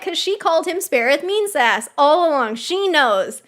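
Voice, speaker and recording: Young woman, live-stream reaction, giggly and excitable, high voice, lively pitch swings. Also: normal speed, hardly any pauses.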